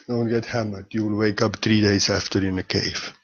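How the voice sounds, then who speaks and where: Man, spiritual teacher, playful and laughing, loud bursts and soft murmurs, muffled recording. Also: lowish voice, little pitch movement, takes it slowly. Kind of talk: informal spiritual talk. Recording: slightly dull lo-fi audio.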